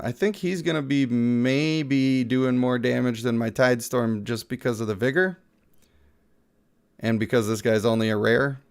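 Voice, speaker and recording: A man's voice: mid-range voice, gravelly. A man who is sick, giving casual, playful live-stream commentary on a mobile game and chatting with viewers.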